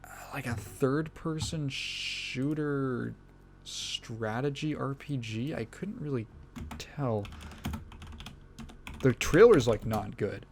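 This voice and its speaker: A man's voice: medium pitch, slow pace, long pauses, background noise. Rambling, laughing male podcast host. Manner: rambling, profane, laughs often mid-sentence. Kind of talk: casual solo gaming podcast chat.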